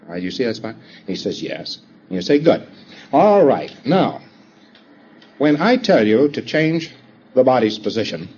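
A man's voice: medium pitch, warm tone, husky. Man lecturing on dull lo-fi tape. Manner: acts out both sides of the dialogue; halting, with frequent "uh" fillers. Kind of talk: instructional lecture. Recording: dull lo-fi tape with faint hiss.

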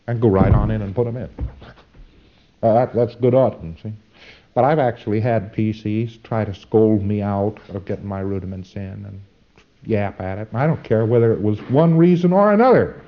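A man with a fairly low voice, speaking at normal speed, delivers an informal instructional lecture. He's folksy and emphatic, full of asides and fillers, and the recording is dull and lo-fi.

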